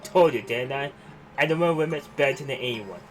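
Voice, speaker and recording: A man voicing a gruff, tough young man in a game, with rough, slangy, blustering talk. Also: mid-range voice, a little fast, soft background music, lightly acted. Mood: reassuring. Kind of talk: reading game dialogue aloud.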